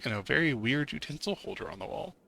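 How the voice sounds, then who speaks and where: A man's voice: a little high, lively intonation, fast talker, creaky, sharp tone, faint music behind. A man streaming a narrative game, reading its text aloud with casual commentary and swearing. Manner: swears and laughs while reacting.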